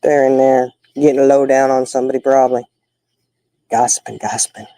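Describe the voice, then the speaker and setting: A woman's voice: a bass voice, little pitch movement, brisk, mellow, no room sound, rough recording. An older woman, hosting a casual chat with viewers and telling folksy stories. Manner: folksy, chatty storytelling. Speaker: livestream host.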